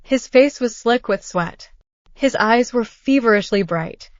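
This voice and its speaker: A woman narrating a dramatic first-person story in a steady reading voice. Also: a little high, a little slow, no room sound, lo-fi sound.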